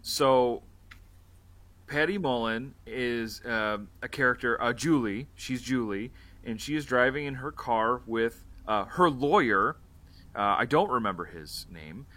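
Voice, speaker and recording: A man with a bright, forceful voice runs through a film's plot in loose, casual chat. He rambles along with plenty of fillers and the odd curse word. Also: medium pitch, lively intonation, unhurried, dry recording. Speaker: podcast co-host. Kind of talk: casual movie-review chat.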